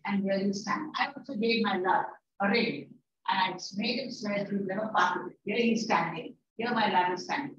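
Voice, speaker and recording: A woman's voice: mid-range voice, normal speed, a crowd in the background. Lady teacher, talks far from the mic, dull muffled recording. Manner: paraphrases lines, repeats herself, scolds students. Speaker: English teacher. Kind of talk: classroom lecture. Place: classroom. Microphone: distant room mic. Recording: echoey, distant, dull and noisy.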